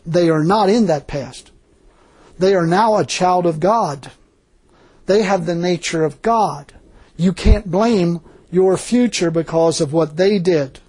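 Folksy older male preacher, high-pitched and husky, laughs a lot between points. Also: takes it slowly, darkish tone. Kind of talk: informal sermon.

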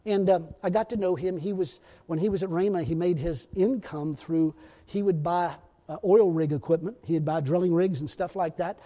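A high-pitched male preacher telling stories from the pulpit in a folksy, rambling manner. His voice carries a long reverb from a large hall. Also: fairly even intonation, normal speed, dark tone. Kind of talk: storytelling sermon.

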